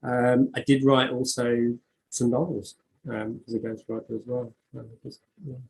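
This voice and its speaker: A man's voice: medium pitch, flat delivery, normal speed, creaky, a little mellow, slight background noise, rough recording. A man, a poet being interviewed who talks with many fillers and restarts and reads his own poems aloud. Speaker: poet and author. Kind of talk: conversational interview, reading poetry aloud.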